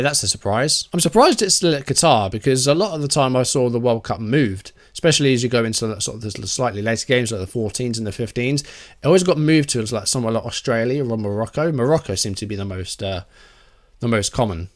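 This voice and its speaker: A man talks through a sports management game in a relaxed, chatty way. He thinks out loud and reacts with mild surprise at what he finds. His pitch sits in the middle range for a man. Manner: chatty, musing aloud, easily surprised. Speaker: gaming YouTuber. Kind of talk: casual game commentary.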